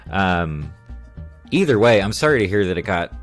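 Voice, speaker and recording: A man with a deep, low voice chats casually on a live stream, reading viewer comments aloud and chuckling as he rambles. Faint music plays quietly underneath. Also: very animated, moderate pace. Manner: rambling, reads chat aloud, chuckles often.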